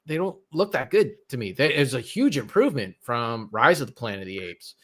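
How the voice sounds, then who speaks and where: A man's voice: medium pitch, big pitch swings. Rambling man chatting about movies. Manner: rambling, halting, many restarts. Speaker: podcast co-host. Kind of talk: casual chat about movies.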